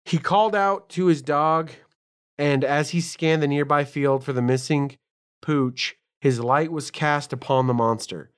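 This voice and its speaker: A man co-hosting a podcast, reading notes aloud and riffing in casual, profane, excitable chat. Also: fairly high pitch, unhurried, clean tone. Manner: swearing, excitable, ramps up when telling stories. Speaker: podcast co-host.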